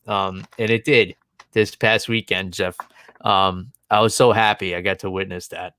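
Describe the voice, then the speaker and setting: A man's voice: sits low, fairly even intonation, a little slow, fairly bright tone, clean tone, no echo, clean studio sound. A man in his thirties co-hosting a podcast, telling a rambling story in casual chat and chuckling often as he goes. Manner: amused, rambling anecdote with frequent chuckles. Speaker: podcast co-host.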